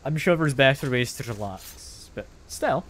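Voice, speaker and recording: A man's voice: medium pitch, expressive, moderate pace. A young man with a mild Scottish accent, chatting casually to his live-stream viewers while gaming at home on a sensitive desk mic. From Scotland. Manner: chatty, self-deprecating, answers chat aloud with soft laughs.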